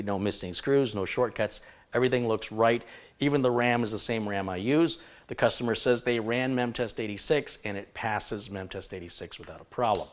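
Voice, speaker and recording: A man hosting a live computer repair stream, thinking aloud and rambling with frequent self-corrections as he diagnoses a PC. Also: mid-range voice.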